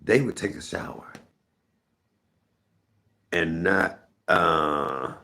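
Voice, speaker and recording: A man's voice: low-pitched, drawn-out words, bright, forceful tone. A middle-aged man hosting a live stream, telling rambling, candid stories and talking to his chat. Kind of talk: casual storytelling to viewers.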